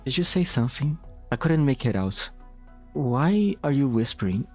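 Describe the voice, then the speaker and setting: A man's voice: medium pitch, sing-song, moderate pace, a little mellow, soft background music, voice pushed up. A man voicing an earnest, dutiful young church officer who asks questions and answers plainly. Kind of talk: amateur reading of game dialogue.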